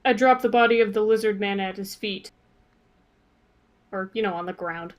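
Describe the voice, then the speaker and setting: A woman's voice: mid-range voice, moderate pace. A woman playing a tabletop game who replies briefly and matter-of-factly. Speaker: player.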